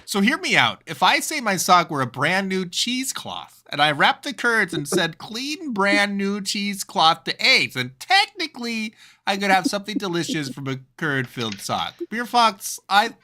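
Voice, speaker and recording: A man's voice: high voice, very animated, moderate pace, bright, forceful tone. A man hosting a comedy game show with a playful, exasperated manner.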